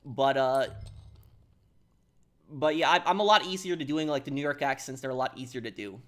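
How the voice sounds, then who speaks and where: A man streaming a game, chatting casually and haltingly, reading out and answering chat. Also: medium pitch.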